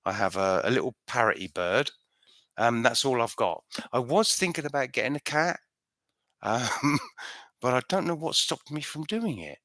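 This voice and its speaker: A man from the United Kingdom answers viewer questions during a casual live stream at home, chatting and rambling and often restarting his sentences. His mid-range voice is expressive and fairly bright, at normal speed, in clean studio sound without echo.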